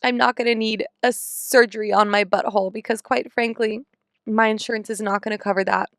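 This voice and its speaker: Candid, profane young woman with a crisp voice. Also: a little high, steady tone, fairly quick, fairly bright tone, dry recording, studio quality. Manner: candid, profane, comically exasperated storytelling. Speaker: podcast host. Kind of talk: casual chat.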